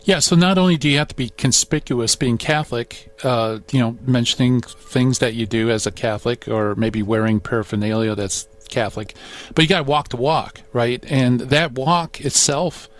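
Mid-pitched man hosting a radio interview. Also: normal speed, faint music behind. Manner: affirming, sums up the guest's points. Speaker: radio host.

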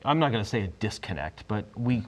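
A man in his fifties, a guest on a talk show, telling a story in a halting way with frequent restarts. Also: fairly low pitch, animated. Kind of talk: casual storytelling.

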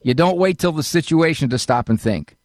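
A man's voice: on the high side, animated, a little fast, a little mellow, dry recording, clean studio sound. An older man hosting a call-in advice show, folksy and fatherly, often acting out what other people say. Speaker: radio call-in host, psychologist.

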